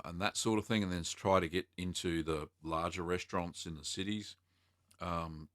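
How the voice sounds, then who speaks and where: A man's voice: on the low side, pushed and bright, dry recording, clean studio sound. A man with an Australian accent hosting a casual livestream, reading viewer comments aloud and answering them with plenty of ums and uhs. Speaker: livestream host answering cheesemaking questions.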